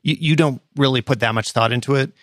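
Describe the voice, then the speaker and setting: A man's voice: medium pitch, fast, a bit bright, no room sound, clean studio sound. A man hosting a podcast, chatting casually and agreeing easily. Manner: agreeable, short affirmations. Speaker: podcast host. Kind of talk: casual conversation.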